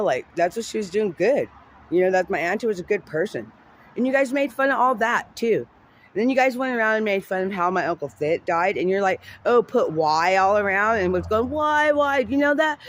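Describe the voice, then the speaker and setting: A man telling a heated personal family story, rambling and profane, full of fillers and restarts. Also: high-pitched.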